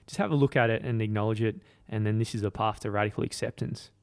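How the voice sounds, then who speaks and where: Blunt man, lowish voice. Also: fairly even intonation, quick pace, vocal fry, a little mellow, smooth. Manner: blunt, self-mocking, laughs easily. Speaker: podcast co-host. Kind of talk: casual book discussion.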